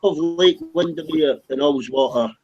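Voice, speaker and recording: Man, mocking group-chat regular who swears and argues; fairly high voice, muffled lo-fi sound. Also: moderate pace, a little mellow, slightly rough. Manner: teasing, swearing, argumentative. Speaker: chat participant. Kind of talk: casual group video chat.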